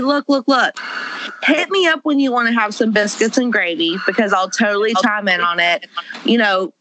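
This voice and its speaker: A woman's voice: fairly high pitch, sharp tone, slight background noise, rough recording. A woman delivering a comedy roast with brash, profane insults.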